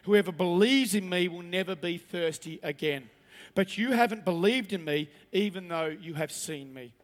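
A man's voice: high voice, normal speed, long reverb tail. A man preaching a sermon as pastor, reading scripture aloud and then pressing his points with rising emphasis.

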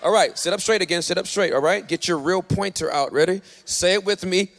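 A man's voice: sits high, fairly quick, gravelly, a bit bright. A man preaching a sermon as pastor, emphatic and urging the audience, often repeating himself. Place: church hall. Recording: echoey hall.

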